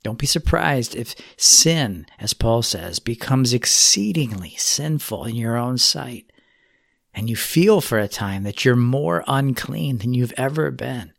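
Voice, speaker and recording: A man giving a sermon, speaking in an earnest, measured way as he exhorts his listeners. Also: mid-range voice, expressive, vocal fry, no echo, studio quality. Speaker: preacher.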